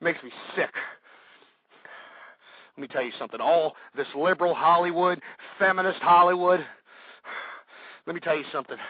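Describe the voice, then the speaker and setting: A man hosting a talk radio show, delivering an angry ranting monologue that swings between yelling and low muttering. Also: normal speed, long pauses, no room sound. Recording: dry, tinny phone-like internet radio audio.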